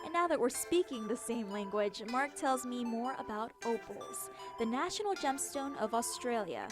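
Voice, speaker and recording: A woman TV travel reporter narrating a travel feature and interviewing locals in a bright, upbeat, curious way. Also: a little high, lively intonation, moderate pace. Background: music.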